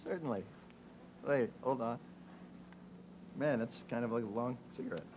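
A man's voice: medium pitch, moderate pace, very noisy. A man hosting a comedy show, playing a wisecracking, over-the-top tourist in a sketch. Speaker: comedy talk show host. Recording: dull lo-fi TV audio with music and audience.

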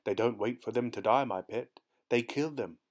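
A man's voice: medium pitch, normal speed, lightly acted. A man voicing a doting elderly aunt of nearly eighty, fond and coaxing in tone in a storybook reading. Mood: disdainful.

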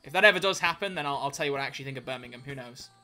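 A man chatting casually on a livestream, reading chat aloud, joking and swearing with quick self-corrections. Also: mid-range voice, pushed and bright, soft background music.

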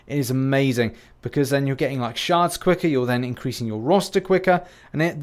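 A British man talking casually over game footage as a YouTuber, rambling and jokey, making fun of himself. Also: medium pitch. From United Kingdom. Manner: rambling, self-deprecating, jokey. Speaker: gaming YouTuber.

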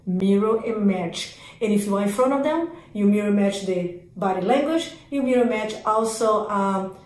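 A woman coaching real estate agents in an energetic sales training talk, speaking in emphatic, repetitive lists of commands. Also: mid-range voice, moderate pace, reverberant, low-quality recording.

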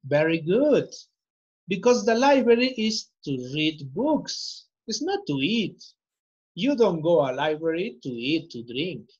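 A patient male teacher talks slowly to young learners and repeats each prompt to coax answers. His voice is a little husky and the sound is muffled, like lo-fi call audio. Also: fairly high pitch, a little mellow. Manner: slow, repeating prompts, coaxing. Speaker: English teacher. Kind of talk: online class teaching children.

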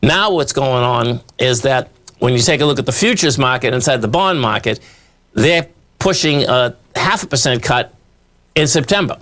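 A man's voice: mid-range voice, expressive, normal speed, fairly bright tone. A man hosting live stock market commentary over charts, talking in a rambling, emphatic, folksy way, full of "okay" and "bottom line". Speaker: market analyst host.

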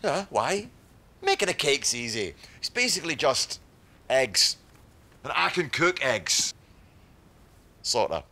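A goofy dad. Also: male voice, medium pitch, big pitch swings, slow, long pauses, bright, forceful tone, heavily acted. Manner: upbeat and goofy. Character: goofy upbeat dad planning a party.

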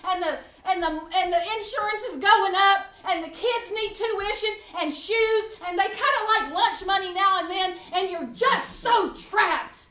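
At church, a woman with an extremely high-pitched, pushed and bright voice teaches a Bible class with audience questions, speaking a little slowly and hardly pausing. Impassioned, she piles up clauses with "and" while sharing her personal testimony with feeling, sounding reverberant and far from the mic.

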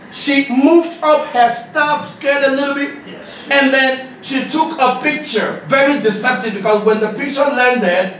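A high-pitched man lectures a live audience as a leadership coach. He jokes, laughs and raises his voice to a shout. He is recorded from a distance in a roomy hall with noise behind him. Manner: animated, joking, often laughing and shouting. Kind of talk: lively masterclass talk to an audience. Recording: echoey hall, distant mic, noisy.

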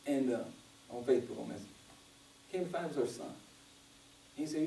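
A pastor with a mid-range voice and vocal fry preaches fairly quickly, pausing often, while slight background noise lingers. Animated and in casual dialect, he tells stories and acts out quoted voices for a responsive congregation in a conversational sermon. It's roomy church audio recorded from afar.

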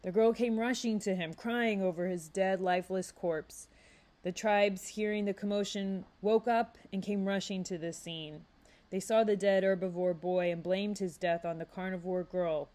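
A woman librarian reading a young adult novel aloud with measured, expressive storytelling. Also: mid-range voice. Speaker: youth services librarian.

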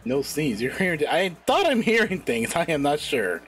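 Giggly, lively-voiced male wrestling commentator. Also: a little high, moderate pace, slightly rough, soft background music. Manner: giggly, rambling, self-deprecating, laughs often. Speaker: wrestling show commentator and host. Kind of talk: live-streamed play-by-play commentary.

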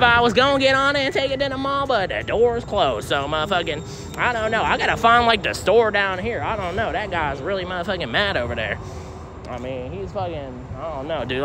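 A young man live-streaming from city streets on his phone as he walks, rambling in heavy slang and swearing a lot. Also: on the high side. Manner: rambling slangy talk, heavy swearing, frequent "I don't know, homie". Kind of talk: casual live-stream vlog. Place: outdoors on city streets and a train station. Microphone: phone held while walking. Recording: faint street noise from outside.

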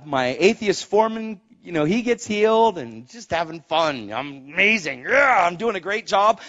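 Male evangelist giving an excitable testimony sermon, lively pitch, muffled lo-fi audio. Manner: animated, emphatic storytelling with sound effects. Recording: dull, muffled recording.

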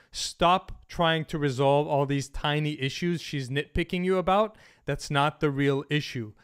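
A man's voice: fairly high pitch, clear, resonant tone. A man giving dating advice straight to camera, blunt and emphatic, swearing freely. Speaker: dating coach. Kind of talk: direct-to-camera advice monologue.

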